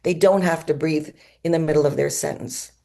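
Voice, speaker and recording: A woman's voice: low-pitched, fairly even intonation, a little fast, gravelly, mellow. A woman giving a lecture at a medical conference in an auditorium, explaining symptoms and now and then imitating them with her own voice. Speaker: conference speaker.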